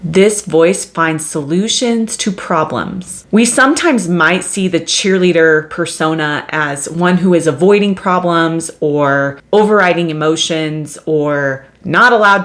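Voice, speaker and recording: A woman hosting a solo self-help podcast, speaking in a measured, repetitive teaching tone. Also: on the low side. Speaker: podcast host.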